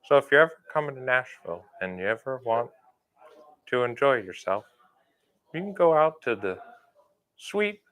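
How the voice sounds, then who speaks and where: A man putting on a deep, sultry voice to play a slow, languid nature guide. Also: sharp tone, poor audio.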